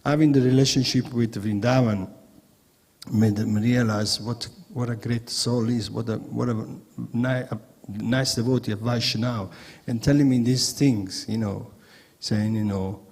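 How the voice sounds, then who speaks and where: A man's voice: medium pitch, fairly even intonation, unhurried, a little mellow, breathy edge, in a large hall. A man giving a hesitant, emotional tribute at a memorial gathering, full of fillers. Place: temple hall with long reverb.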